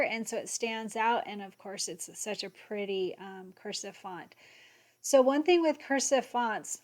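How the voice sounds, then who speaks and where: A woman hosting an embroidery software tutorial, excitable and gushing, sometimes muttering to herself as she clicks along. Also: medium pitch. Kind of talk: screen-share software tutorial.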